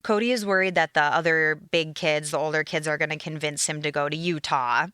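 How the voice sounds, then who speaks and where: Minnesotan woman co-host: chatty and opinionated, low, smooth voice, dry close mic. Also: steady tone, brisk, bright, forceful tone, no echo. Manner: chatty and opinionated, with frequent fillers. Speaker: podcast co-host. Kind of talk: casual recap chat.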